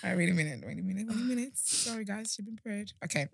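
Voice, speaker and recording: A woman's voice: medium pitch, animated, very fast, vocal fry. A young woman co-hosting a podcast in casual chat, laughing often between lines. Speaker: podcast co-host.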